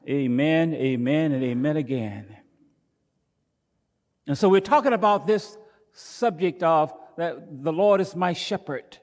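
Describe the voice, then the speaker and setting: A male pastor preaching a sermon with emphatic, repetitive phrasing that builds toward near shouting. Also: fairly high pitch, expressive, measured pace, big-room sound.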